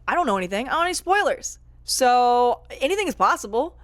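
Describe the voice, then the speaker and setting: A young woman giving casual vlog commentary on a TV series, chatty and animated, often apologizing and joking about herself. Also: medium pitch, quick pace, dry recording. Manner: chatty, animated, self-deprecating. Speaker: TV show reviewer.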